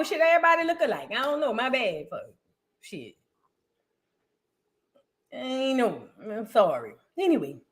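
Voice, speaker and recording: A woman's voice: sits high, fairly bright tone. A woman hosting her own commentary channel, talking in a rambling, slangy and blunt way. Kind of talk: casual reaction commentary.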